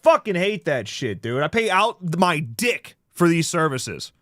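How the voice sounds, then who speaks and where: A man hosting a casual livestream, ranting profanely about a failed stream, swinging from mutters to shouts. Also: on the high side, very animated, a little slow, dry recording, studio quality. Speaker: livestream host.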